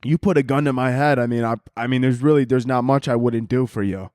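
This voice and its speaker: A twenty-year-old man rants through a podcast monologue, crude and rambling, breaking into laughter as he goes. His mid-pitched voice sits very close to the mic, and the sound is dry and deadened, with no room echo at all. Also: fairly even intonation, quick pace, darkish tone. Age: 20s. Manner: crude, rambling, laughs often, swears a lot. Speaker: podcast host. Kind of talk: casual comedic monologue.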